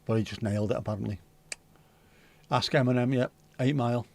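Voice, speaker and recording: A man's voice: mid-range voice, steady tone, brisk, creaky, mellow. A man hosting a livestream, chatting casually and rambling while reading out viewer comments, with the odd swear word. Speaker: livestream host.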